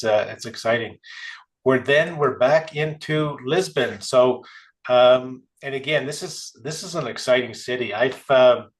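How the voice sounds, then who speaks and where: A man hosting an interview about a tour, relaxed and affirming. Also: medium pitch, low-quality recording. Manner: relaxed, short affirming replies. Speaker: host. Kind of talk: casual interview chat.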